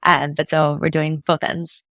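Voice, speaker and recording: A woman's voice: sits low, little pitch movement, unhurried, fairly bright tone, dry recording. A woman guesting as a mental fitness coach, explaining things step by step in an easygoing way and often checking in with "right?". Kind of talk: casual interview explanation.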